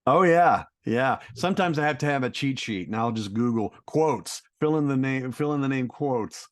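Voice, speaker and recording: A man from Texas, a voice actor guest, chatting on a podcast in an animated, talkative and encouraging way. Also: mid-range voice, moderate pace. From Texas, USA. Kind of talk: casual podcast chat.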